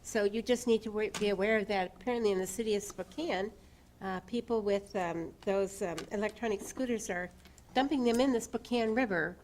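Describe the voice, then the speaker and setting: A female council member gives updates to the meeting with many ums and pauses. Her pitch sits mid-range. A faint room noise sits under her voice. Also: a little mellow. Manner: hesitant, many fillers. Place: council chamber.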